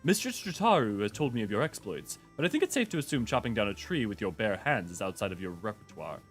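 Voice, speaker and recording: A man's voice: lowish voice, very animated, fast, faint music behind. A man voicing a pompous, demanding little furry creature on a game stream, reading its lines in a haughty, mock-formal way. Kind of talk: reading game dialogue aloud in character.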